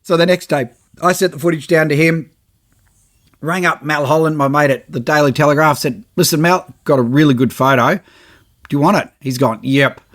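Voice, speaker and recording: Animated man telling a story. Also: fairly high pitch, normal speed. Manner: lively, acts out his own reactions and quotes. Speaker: podcast host, photographer.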